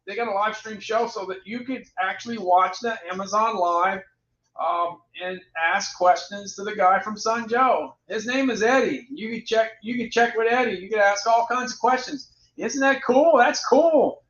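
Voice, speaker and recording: A man's voice: high-pitched, pushed and bright. A man hosting a casual livestream, chatting about products, repeating himself and reading out prices and ratings. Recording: roomy, dull lo-fi sound.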